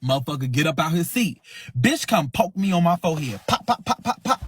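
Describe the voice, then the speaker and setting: A man's voice: on the high side, brisk, breathy edge. A man hosting a livestream, telling a fight story in casual, profane slang and acting it out with sound effects. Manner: animated, sound-effect-heavy retelling. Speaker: livestream host.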